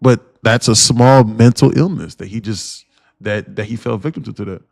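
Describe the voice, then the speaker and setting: A man's voice: on the low side, moderate pace, gravelly, no echo, clean studio sound. A man hosting a day-trading livestream in casual chat, rambling and slangy, firing off blunt rhetorical questions and repeating himself.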